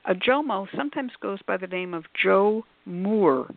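A woman's voice: mid-range voice, expressive, moderate pace, gravelly, no room sound. A woman author on a call-in radio panel, explaining at length in a discursive, scholarly way with many asides. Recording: tinny phone-like line.

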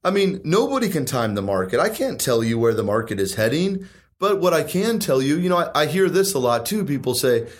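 In a casual chat, a man in his thirties with a somewhat high, sing-song voice makes his case for real estate investing at a brisk clip. He sounds confident and emphatic, firing off rhetorical question after rhetorical question.

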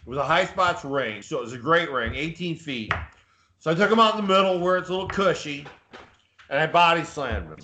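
A man's voice: a little high, lively intonation, brisk, noisy background. A man co-hosting a casual live podcast, a boastful, rambling storyteller who talks up his own toughness. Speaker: podcast co-host.

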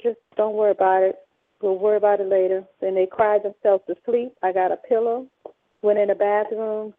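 A woman telling her story as a radio guest, acting out past dialogue with sharp emphatic peaks. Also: mid-range voice. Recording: tinny phone line.

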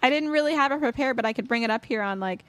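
A woman's voice: fairly high pitch, racing, a bit bright, dry recording. A woman co-hosting a casual talk show, chatty and laughing often. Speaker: co-host. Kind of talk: casual chat.

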